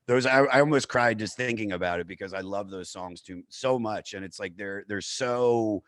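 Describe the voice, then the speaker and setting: A man's voice: on the low side, moderate pace, a bit bright, no echo. A man who is a comedian, talking as a podcast guest in a rambling, self-mocking way and swearing freely. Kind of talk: casual podcast chat.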